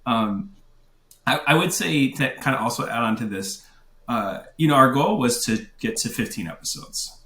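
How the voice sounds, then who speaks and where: A man's voice: mid-range voice, lively intonation, moderate pace, a bit bright. A man wedding photographer chatting as a podcast guest, easygoing and rambling with many fillers. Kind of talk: casual podcast chat. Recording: roomy echo.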